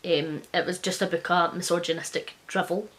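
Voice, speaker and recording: A woman book reviewer in a casual vlog, blunt, sarcastic and sweary, who reads quoted reviews out fast and quietly. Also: fairly low pitch, flat delivery.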